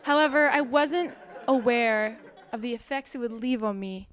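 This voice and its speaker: A young woman with a slightly high voice delivers a satirical TED-style talk. Her sarcastic, mock-dramatic tone keeps breaking into laughter. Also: moderate pace, some chatter behind, slight background noise. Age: young adult. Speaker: student presenter.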